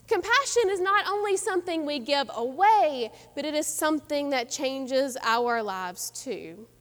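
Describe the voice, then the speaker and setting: A woman pastor preaches with earnest reflection, her high voice rising and falling in a lively sweep. The sound carries a long reverb, as from a large hall. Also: a little slow, hardly any pauses. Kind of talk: sermon.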